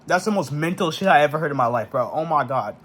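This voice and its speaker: Frustrated young man ranting, lively high voice. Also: quick pace. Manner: frustrated, profane, heavy slang, restarts. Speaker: vlogger. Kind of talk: ranting monologue.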